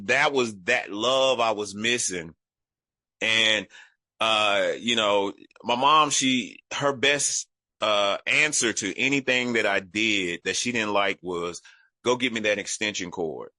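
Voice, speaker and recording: Man from Dallas with a lilt, bright forceful tone, dry close sound; an animated recovery share. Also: mid-range voice, no room sound. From Dallas, Texas. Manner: animated storytelling, acts out voices of family; frequent fillers like "you know". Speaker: recovery meeting speaker.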